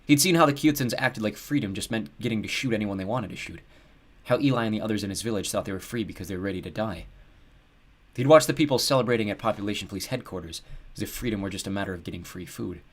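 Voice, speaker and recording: A man narrating an audiobook in a steady, measured storytelling voice. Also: fairly low pitch.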